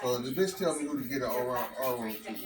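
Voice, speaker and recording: Animated man telling a rowdy story. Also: medium pitch, fast talker, distant mic. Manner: profane, animated storytelling, quotes voices. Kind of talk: casual story with friends. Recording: echoey room with music playing.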